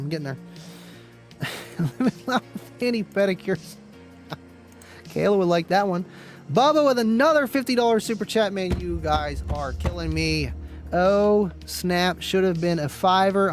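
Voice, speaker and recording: A high-pitched man runs a live stream, chatting easily with his audience. He's relaxed and talkative, laughing frequently and tossing out "man" and "dude."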